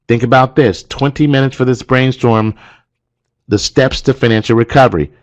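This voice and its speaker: Male trainer, lowish voice, methodical slide-by-slide coaching of instructors, leans on "okay" and "again". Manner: directive, walks through slides step by step; stresses key points, repeats phrases like "okay" and "again".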